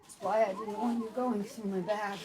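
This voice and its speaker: An actress playing a worried young woman survivor in a TV drama, speaking quietly and earnestly. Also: mid-range voice, steady tone, normal speed, background noise, natural voice.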